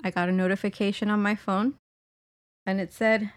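A woman's voice: medium pitch, moderate pace, clear, resonant tone. A woman co-hosting a podcast, telling stories with giggles and casual swearing. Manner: giggly, animated storytelling with swearing. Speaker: podcast co-host. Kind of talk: casual chat.

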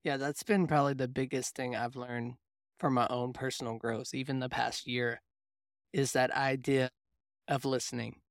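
A man's voice: mid-range voice, little pitch movement, moderate pace, vocal fry, no room sound, studio quality. A young adult man, a mindset coach, telling a reflective personal story in casual faith conversation. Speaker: podcast co-host, mindset coach.

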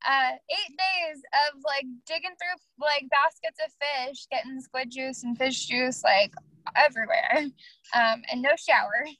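A woman's voice: sits high, measured pace, bright, forceful tone, no echo, rough recording. A woman guest chatting casually in an interview, telling stories with lots of fillers and laughs.

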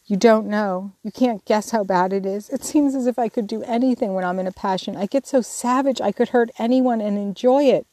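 A woman's voice: mid-range voice, darkish tone, no room sound, close to an everyday voice. A woman reading the part of a remorseful, hot-tempered teenage girl, pleading and tearful.

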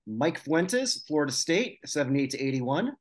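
A man co-hosting a casual podcast chat, reading out lists of names with quick asides. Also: fairly high pitch, very animated. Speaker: podcast co-host.

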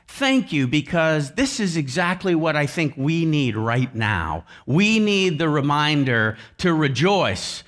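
A man's voice: fairly high pitch, a bit bright. A man preaching a sermon with emphasis, repeating key phrases over and over. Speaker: pastor.

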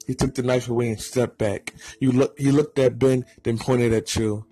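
Story narrator: man, mid pitch, husky, steady read over faint music. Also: moderate pace, few pauses. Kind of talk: reading a fan story aloud.

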